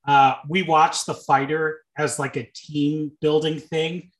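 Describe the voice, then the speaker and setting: A man's voice: fairly high pitch, little pitch movement, takes it slowly, poor audio. A young man chatting as a podcast co-host, joking and cutting in. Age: young adult. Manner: joking, interrupts, bursts of loud yelling. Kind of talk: casual chat.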